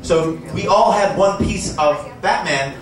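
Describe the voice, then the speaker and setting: A man doing stand-up, telling a profane story with animated shouted quotes in a comedy club. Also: high voice, a little slow. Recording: echoey club audio from far off.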